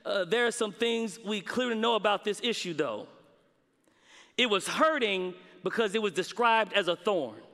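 A man preaching a sermon, with dramatic pauses and emphatic repetition. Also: high-pitched, a bit bright. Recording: long reverb of a large hall.

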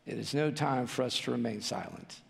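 Gravelly preaching man in reverberant church. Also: mid-range voice, animated, a little fast. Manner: preaches with rhetorical questions and rising, pleading emphasis. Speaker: pastor. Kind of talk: sermon. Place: church sanctuary. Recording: long church hall reverb.

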